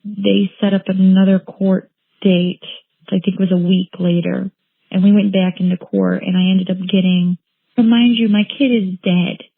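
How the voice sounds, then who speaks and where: A woman telling her own painful story as an interviewee, halting and repeating phrases as she recounts what happened. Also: mid-range voice, flat delivery, creaky, breathy edge, no room sound. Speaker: interviewee, bereaved mother. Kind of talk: emotional personal account. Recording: tinny phone-like line, dry.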